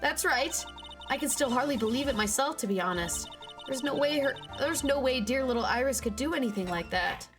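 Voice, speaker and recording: A woman's voice: high-pitched, expressive, fairly quick, pitched above the performer's own voice. A woman voicing a chatty older nun with a bad back, using a put-on country accent. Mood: earnest. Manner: folksy, chatty and self-pleased. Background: game music.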